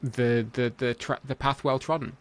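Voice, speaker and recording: A man hosting a podcast, chatting casually and giving measured, emphatic opinions. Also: medium pitch, steady tone, smooth. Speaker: podcast host. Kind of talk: casual conversation.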